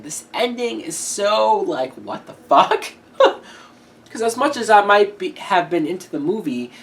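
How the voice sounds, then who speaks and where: A woman giving a casual horror movie review, blunt and swearing freely, often laughing as she talks. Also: deep voice.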